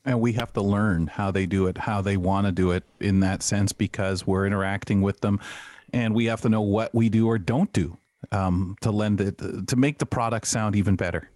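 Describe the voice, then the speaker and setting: Man, co-host, panel discussion, halting restarts, dry close sound. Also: on the low side, steady tone, darkish tone, dry recording.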